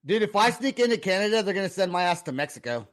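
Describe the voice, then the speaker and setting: A man's voice: sits high, expressive, fast. A man hosting a podcast, chatting casually and asking questions with lots of laughter. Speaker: podcast host. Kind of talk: casual chat.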